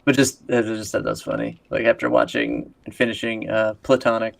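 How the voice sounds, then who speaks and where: A man's voice: on the low side, flat delivery, a little fast, vocal fry. A man co-hosting a casual podcast chat with his brothers, laughing often and acting out quoted lines. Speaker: podcast co-host.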